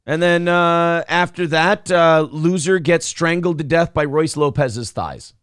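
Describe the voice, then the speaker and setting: A man's voice: a little high, measured pace, a bit bright, clear, resonant tone, no room sound, clean studio sound. A man co-hosting a casual morning live stream, reading viewer messages aloud and trash-talking rivals with brash, boastful swagger. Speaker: co-host of a morning show.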